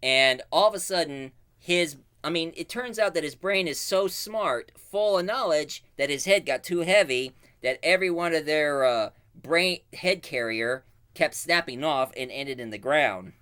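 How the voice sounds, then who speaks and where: A man casually retelling a cartoon plot as a reviewer, with animated storytelling full of fillers. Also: a little high, measured pace, clear, resonant tone.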